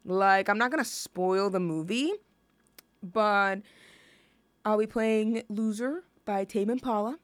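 A woman's voice: medium pitch, slow pace, dry recording. A young woman hosting a music show in a casual, rambling chat, full of fillers and gushing asides.

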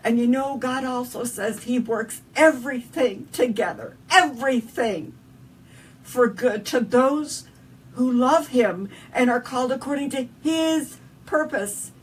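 A woman's voice: high voice, measured pace. A woman with a Southern US accent, a guest in an interview, telling an emotional personal story in an earnest, heartfelt way. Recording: distant mic with faint background noise.

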